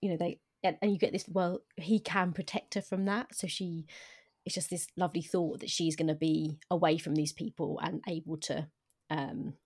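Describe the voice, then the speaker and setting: A woman's voice: lowish voice, fairly even intonation, moderate pace, few pauses, a little mellow, breathy edge, dry recording, studio quality. A woman co-hosting a book podcast, chatting casually about a novel. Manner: chatty, with restarts. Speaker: podcast co-host.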